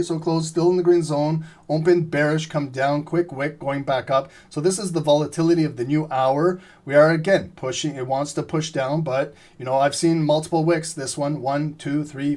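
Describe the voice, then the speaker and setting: A man giving live trading commentary, explaining steadily and often clearing his throat as he says he is losing his voice. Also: on the high side. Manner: steady explanatory, repeats "remember" and "right?". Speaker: trading streamer.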